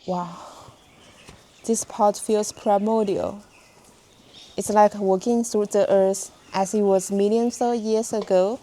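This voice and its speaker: Slow, mellow-voiced woman hiking vlogger. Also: mid-range voice, fairly even intonation, a little hiss or hum. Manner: chatty, talks to viewers while walking. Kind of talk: casual vlog narration while hiking. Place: narrow humid cliff crack outdoors.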